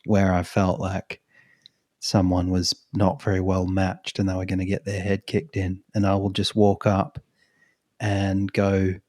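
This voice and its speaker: A man's voice: deep voice, monotone, measured pace, darkish tone, no room sound, studio quality. A man co-hosting a podcast, musing wryly in casual chat and laughing often. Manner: wry, reflective, laughs often. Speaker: podcast co-host.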